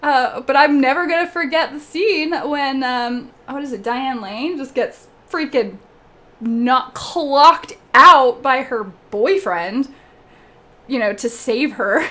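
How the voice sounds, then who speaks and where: A young woman hosting a casual live stream, chatting with viewers while she paints, laughing often and breaking into animated asides. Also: high voice, slow. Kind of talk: casual chat while reading viewer comments.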